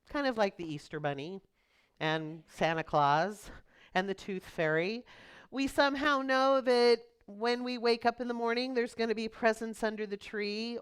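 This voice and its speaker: A middle-aged woman minister giving a chatty, storytelling sermon with quick asides. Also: mid-range voice, clean tone. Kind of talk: conversational sermon.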